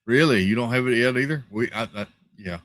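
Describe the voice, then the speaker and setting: A man hosting a casual live stream from home, reading viewer comments in a relaxed, chatty way with lots of fillers and repeated thank-yous. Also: mid-range voice, brisk, no room sound. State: tired, yawning. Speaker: livestream host. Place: home, rural area.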